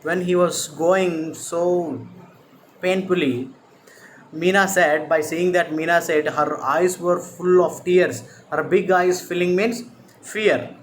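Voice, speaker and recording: A man with an Indian English accent teaching a story lesson to students, halting, with many fillers, stopping to explain word meanings. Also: high-pitched, fairly even intonation, a little hiss or hum.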